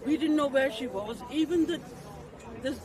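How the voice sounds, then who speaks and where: High-voiced indignant woman at a street protest. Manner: urgent, indignant, halting restarts. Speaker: protester, mother of a victim. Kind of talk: impassioned street speech. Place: outdoors on a city street at a protest. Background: crowd noise.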